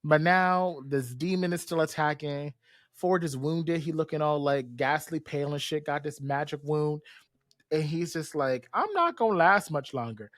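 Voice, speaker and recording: Brief: animated podcast host, slangy and sassy, mid-pitched, dry close sound. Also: measured pace, no room sound. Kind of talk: casual recap of a cartoon episode.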